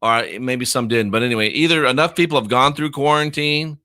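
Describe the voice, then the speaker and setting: A middle-aged American man hosts a casual livestream in a bright, forceful voice, recorded close and dry. He talks in a sarcastic, mocking way, dropping to low mutters and then bursting out loud in disbelief. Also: fairly quick, dry recording. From United States. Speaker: online show host.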